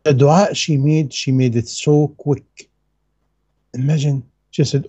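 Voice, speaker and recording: A man's voice: on the high side, steady tone, slow, mellow, husky, muffled recording. A man giving a religious lecture in non-native English, earnest and emphatic, repeating his key phrases. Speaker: Islamic lecturer.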